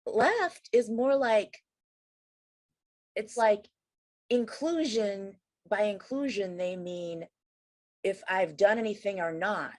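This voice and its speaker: A woman's voice: medium pitch, expressive, takes it slowly, pauses often, dry recording. A woman interviewing, agreeing eagerly and adding her own enthusiastic points.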